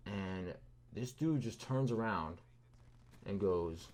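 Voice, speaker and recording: A man's voice: low-pitched, lively intonation, takes it slowly, a little mellow. A man in his thirties from California, telling a rambling, sarcastic story full of fillers and asides over gameplay. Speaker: gaming video creator.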